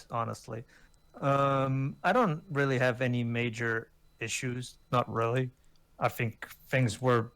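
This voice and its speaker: A man's voice: mid-range voice, fairly bright tone, no room sound. A man in his thirties co-hosting a casual review podcast, rambling with many fillers and restarts. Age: 30s. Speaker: podcast co-host.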